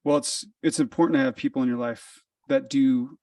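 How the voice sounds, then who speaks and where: A man hosting an interview podcast, supportive, with short verbal nods and a halting manner full of fillers. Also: medium pitch, steady tone, dark tone, no room sound, clean studio sound, distant mic. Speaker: podcast host.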